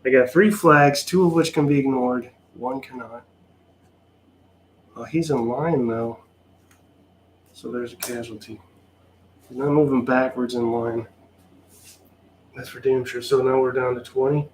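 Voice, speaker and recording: Dry, sarcastic man talking slowly. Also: medium pitch, fairly even intonation, slight background noise. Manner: wry, sarcastic, mildly exasperated. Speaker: solo tabletop wargame player. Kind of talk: casual play-by-play of a tabletop game.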